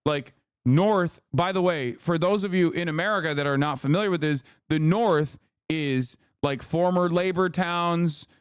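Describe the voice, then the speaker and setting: A man's voice: a little high, measured pace, clean tone, no echo, clean studio sound. A man streaming, reacting to news clips in casual, blunt, slangy commentary. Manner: blunt, profane, slangy, lectures chat.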